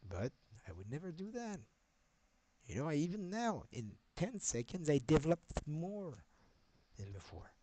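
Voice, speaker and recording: A man's voice: a little high, sing-song, unhurried, warm tone, no room sound, low-quality recording. A man streaming, talking in a rambling, agitated monologue with a lot of swearing.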